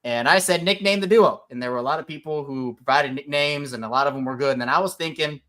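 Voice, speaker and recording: A man co-hosting a casual sports podcast, talking in an animated, joking way and bantering with the others. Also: on the high side, fast, few pauses. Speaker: podcast co-host.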